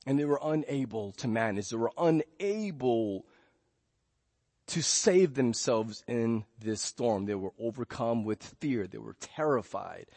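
A man preaching a sermon as pastor, telling the story in a lively way and dropping to a soft hush when reading scripture. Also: mid-range voice, measured pace, no echo. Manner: animated storytelling, acting out panicked voices. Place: church.

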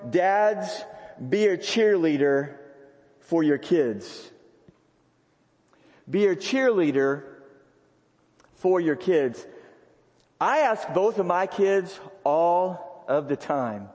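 A high-pitched man delivers a sermon at an unhurried pace, repeating his key lines for emphasis. His voice carries a long reverb from a large sanctuary with a balcony. It sounds like it was recorded live in the room. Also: animated, a little mellow, dull audio. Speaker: pastor.

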